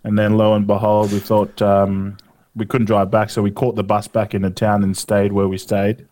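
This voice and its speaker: A man's voice: fairly low pitch, completely flat delivery, moderate pace, warm tone. A young Australian man co-hosting a podcast, telling a rambling, laughing anecdote in casual chat. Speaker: podcast co-host.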